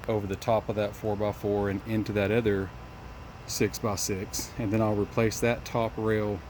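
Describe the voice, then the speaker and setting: A man's voice: lowish voice, a little hiss or hum. Slightly winded man on a job site. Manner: plainspoken, talks in restarts while pointing things out. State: out of breath. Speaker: contractor. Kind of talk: casual walkthrough update. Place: outdoors at a building site.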